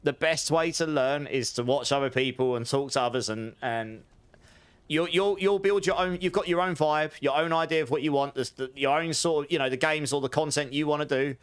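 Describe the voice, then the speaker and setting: A man's voice: fairly high pitch, steady tone, brisk, clear, resonant tone. An English man chatting casually with his viewers during a live game stream, rambling and answering chat as he plays. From England.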